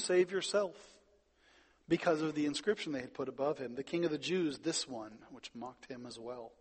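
A man preaching a sermon, stressing words loudly and then dropping quiet. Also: medium pitch, husky, long reverb tail. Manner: emphatic, swings between loud stresses and quiet drops. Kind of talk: sermon with Bible reading.

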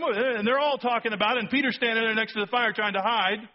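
Animated man preaching a sermon, lo-fi. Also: extremely high pitch, quick pace, few pauses. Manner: animated storytelling, acting out quotes, dropping to a hush for emphasis. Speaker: pastor.

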